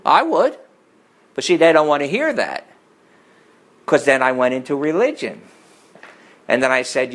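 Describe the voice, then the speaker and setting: Emphatic man preaching. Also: poor audio. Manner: emphatic, rising to forceful peaks and dropping to low asides. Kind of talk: sermon with storytelling.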